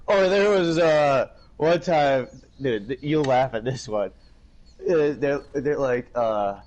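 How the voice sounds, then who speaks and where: Man, casual gamer chat, animated storyteller, mid-pitched, light music underneath. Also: slow pace, pauses often, highs cut off. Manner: animated storytelling, acts out phone calls in raised voices. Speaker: gamer chatting on a live stream.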